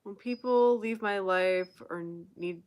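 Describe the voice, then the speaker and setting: A woman's voice: mid-range voice, takes it slowly, a little mellow, smooth. A young woman hosting a casual live Q&A stream, chatting and reading viewer comments aloud. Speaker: livestream host.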